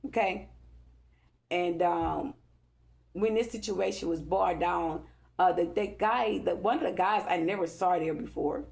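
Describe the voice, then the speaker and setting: A woman's voice: on the low side, unhurried, vocal fry, darkish tone. A woman talking to her viewers in an agitated, profane, repetitive rant. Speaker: vlogger. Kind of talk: angry rambling monologue to camera.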